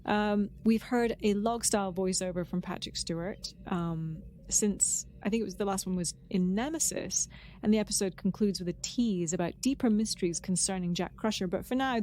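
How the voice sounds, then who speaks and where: A woman's voice: mid-range voice, brisk, darkish tone, a little hiss or hum. A woman co-hosting a casual podcast, chatting with enthusiasm and a lot of "um" restarts. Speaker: podcast co-host. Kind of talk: casual chat.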